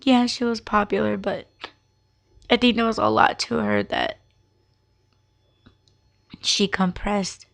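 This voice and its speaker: Slow, gravelly-voiced woman podcaster. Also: medium pitch, fairly even intonation. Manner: candid and emotional, swears freely. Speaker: podcast host. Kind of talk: personal storytelling monologue.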